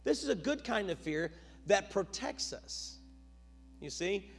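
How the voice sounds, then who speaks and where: A middle-aged male pastor preaching a sermon, moving from loud urgent bursts to low, quiet asides. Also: sing-song, unhurried, gravelly, breathy edge, faint music behind.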